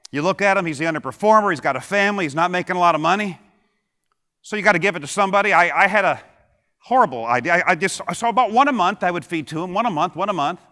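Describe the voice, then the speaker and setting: Give me a motivational keynote from a middle-aged man, punchy and quick with a joke, recorded with long hall reverb. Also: sits high, expressive, bright, forceful tone. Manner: punchy, joking, fires rhetorical questions at the audience. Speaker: keynote speaker. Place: large conference hall with audience.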